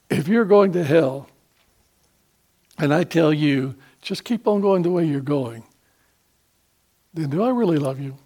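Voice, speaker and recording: A man delivering a fervent sermon in a somewhat high voice. He quotes scripture, poses rhetorical questions and often hesitates and restarts mid-sentence. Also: lively intonation, a little slow, pauses often, darkish tone. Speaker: preacher.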